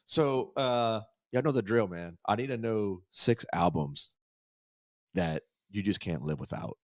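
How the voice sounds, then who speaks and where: A man's voice: on the low side, lively intonation, unhurried, darkish tone. A man hosting a podcast in casual chat, laid-back and swearing, tossing in eager reactions. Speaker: podcast host. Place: podcast studio.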